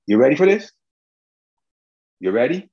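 A man's voice: mid-range voice, sing-song, normal speed, dull audio. A male preacher delivering an emphatic, colloquial sermon, firing rhetorical questions at the congregation.

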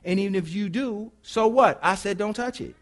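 A man's voice: sits high, pitched above the performer's own voice. A man preaching, voicing God as blunt and matter-of-fact in a sermon. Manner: brisk, dismissive, no-nonsense.

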